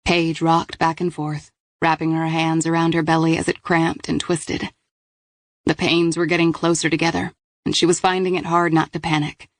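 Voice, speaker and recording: A woman narrating a suspense audiobook in a steady, measured storytelling manner. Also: low voice, creaky, dry recording, clean studio sound. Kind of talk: scripted narration.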